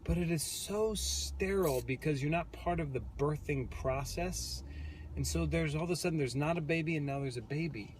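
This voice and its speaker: Speaking at a moderate pace with a slightly high pitch, a man sits in a parked car and tells the story of his baby's birth, with a faint hiss or hum in the background. He's a new father co-hosting a casual vlog, and he comes across earnest and reflective, restarting his sentences often.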